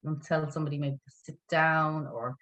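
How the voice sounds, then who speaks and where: A woman's voice: sits low, steady tone, fast, fairly bright tone, low-quality recording. A woman teaching an online language lesson, patient and encouraging, spelling words out letter by letter.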